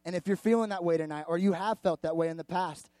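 A male pastor with a notably high voice tells a story in his sermon, animated, candid and chatty. The sound is close and dry, with no room around it. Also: fast, no room sound. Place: church service before a live audience.

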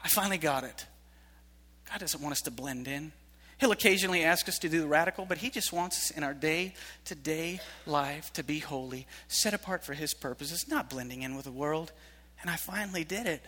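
A man preaching a sermon to young people, telling stories in an animated way that swings from hushed to shouting. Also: on the high side, a little fast. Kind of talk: sermon to youth. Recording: live hall reverb.

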